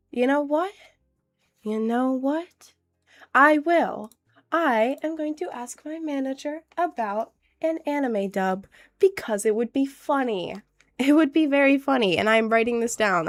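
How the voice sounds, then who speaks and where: Stuffy-nosed teen girl chatting on stream. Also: on the high side. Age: late teens. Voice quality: stuffy, slightly nasal. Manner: bubbly, rambling, quick to laugh. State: has a cold. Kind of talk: casual livestream chat.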